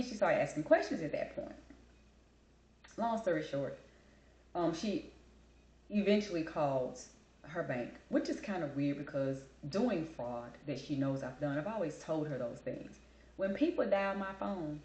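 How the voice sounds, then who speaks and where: A woman's voice: on the low side, expressive, moderate pace, darkish tone, reverberant, low-quality recording. A woman hosting a casual chat show, telling a story in a blunt, emphatic, talkative way. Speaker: host.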